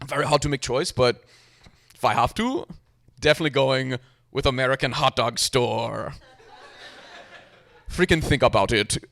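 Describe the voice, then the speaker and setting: Male comic playing an eager accented coworker lady, broken grammar, pitched up and loud. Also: normal speed, creaky, long pauses. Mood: gushing. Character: gushing foreign-accented female coworker, eager.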